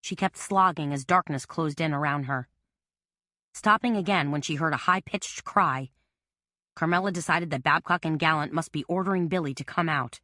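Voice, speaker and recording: A woman narrating a mystery audiobook in a steady, tense storytelling manner. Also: sits low, moderate pace, no room sound, studio quality. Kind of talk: scripted narration.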